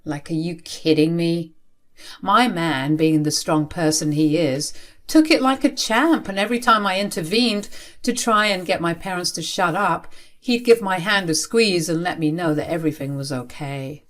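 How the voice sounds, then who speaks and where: A woman narrating a first-person story aloud in an expressive, emphatic way. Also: fairly low pitch, normal speed.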